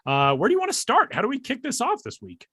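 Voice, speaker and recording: A man hosting a podcast in casual chat, jokey and animated. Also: very high voice, slightly rough, no echo, studio quality. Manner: jokey, animated, quick laughs. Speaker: podcast host.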